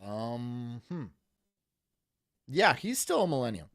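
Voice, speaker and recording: A man's voice: medium pitch, very animated, slow pace, a bit bright, no echo. A man in his thirties streaming live, rambling and joking crudely as he reads viewer chat aloud. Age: 30s.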